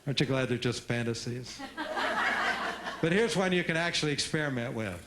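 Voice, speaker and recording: A man's voice: mid-range voice, lively intonation, brisk, reverberant, very noisy. A man giving a humorous parenting seminar who acts out dialogues and prompts the audience to answer. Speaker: parenting workshop speaker. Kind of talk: seminar talk with audience call-and-response.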